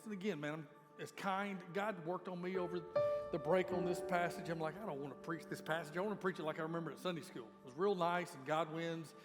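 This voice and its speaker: A male pastor preaching a sermon in an emphatic, conversational way with sudden loud peaks. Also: a little high. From Georgia, USA. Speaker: lead pastor. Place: church sanctuary. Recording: long reverb of a church hall with faint music.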